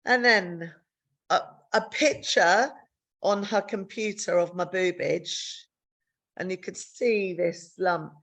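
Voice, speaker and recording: A woman's voice: unhurried, fairly bright tone. Frank, candid woman telling her story. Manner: frank, swears freely, re-enacts dialogue with big pitch jumps. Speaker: podcast co-host sharing her story.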